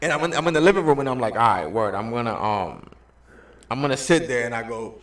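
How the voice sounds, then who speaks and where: A man co-hosting a podcast, telling a story in loud casual style, laughing often and slipping into singsong mock-Italian. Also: mid-range voice, lively intonation, fast, reverberant, far from the mic. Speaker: podcast co-host.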